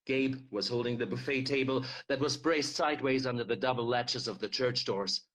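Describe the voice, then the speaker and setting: A man reading a novel chapter aloud with expressive delivery. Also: mid-range voice, moderate pace. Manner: expressive read-aloud with shouted dialogue. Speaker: reader.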